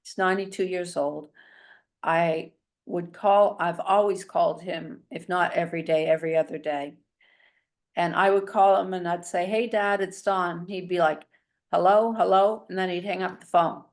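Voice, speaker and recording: A middle-aged woman, a guest telling her story in a chatty, animated way. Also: fairly low pitch, moderate pace. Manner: chatty and animated, a self-described talker. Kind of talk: casual storytelling in an interview.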